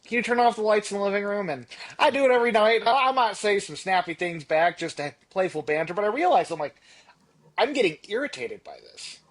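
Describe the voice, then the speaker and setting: A high-pitched man co-hosts a reflective podcast chat. He explains ideas earnestly and backs them up with personal examples. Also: fast, hardly any pauses. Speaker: podcast co-host.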